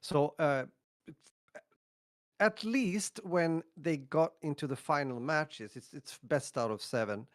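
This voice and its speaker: A man from Sweden chatting casually on a podcast, relaxed, with frequent restarts. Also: fairly high pitch, takes it slowly. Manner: relaxed, talks in restarts and fillers. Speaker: podcast co-host. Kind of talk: casual chat.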